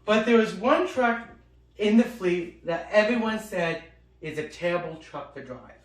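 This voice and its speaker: A man with a high voice tells rowdy family stories in casual chat, swearing freely and acting out each character. He sounds set back from the mic in an echoey room. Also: unhurried, distant mic. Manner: animated, swears freely, acts out quoted people. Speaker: storyteller, co-host. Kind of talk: casual storytelling.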